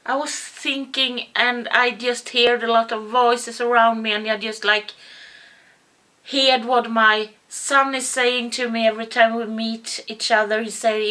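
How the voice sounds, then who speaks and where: Bright-voiced woman telling a personal story. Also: on the high side, level tone. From Sweden. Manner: halting, repeats words, rises to yelling when quoting herself. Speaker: vlogger.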